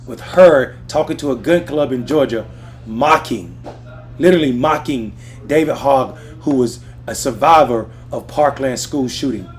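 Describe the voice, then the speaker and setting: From a lounge in Washington where TVs are on and music plays, a man runs a political livestream, ranting with profanity and heat and talking straight to his chat. He speaks at a medium pitch and a measured pace.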